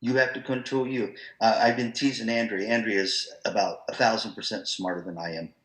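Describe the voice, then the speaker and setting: A man presenting an online professional-development talk to music teachers, in a lively, conversational, storytelling manner. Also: lowish voice, fairly quick, reverberant, poor audio.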